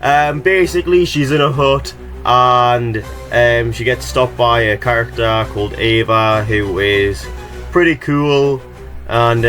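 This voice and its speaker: Mid-pitched male game recapper, sarcastic and foul-mouthed, faint music underneath. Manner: exasperated, sarcastic, swears a lot, jumps to high excited yelps. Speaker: gaming video creator. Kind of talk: sarcastic gameplay recap commentary.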